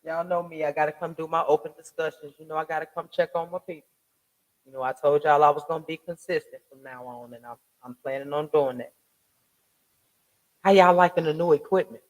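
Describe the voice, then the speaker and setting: A man's voice: a little high, steady tone, a little fast. Man with a raised voice, ranting. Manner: emphatic, ranting rhetorical questions; slangy, profane street talk. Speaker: online commentary host. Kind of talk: casual commentary vlog. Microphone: home desk mic with soundboard.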